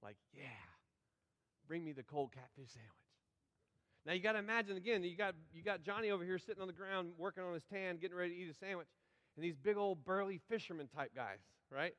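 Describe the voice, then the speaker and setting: A man's voice: high voice, fast talker, fairly bright tone. A man preaching a sermon, telling the story in a folksy way, acting out the characters and getting the congregation to join in. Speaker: pastor. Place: large church sanctuary. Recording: long hall reverb from the sanctuary.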